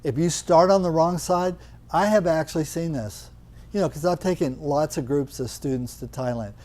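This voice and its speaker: An older man leads a live yoga class in a teaching room, explaining with quick questions and teasing his students. His voice sits a little high. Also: darkish tone.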